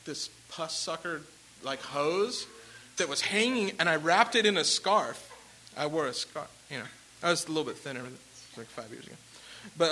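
A man's voice: fairly high pitch, a little hiss or hum, rough recording. A man casually telling a rambling personal story as a musician, with lots of fillers and restarts. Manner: rambling, animated, with fillers and laughs.

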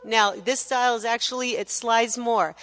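A woman's voice: on the high side, fairly even intonation, normal speed, a bit bright, in a large hall, slight background noise. A woman teaching a gospel singing class, coaching students energetically, counting them in and singing phrases to show them. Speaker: vocal teacher.

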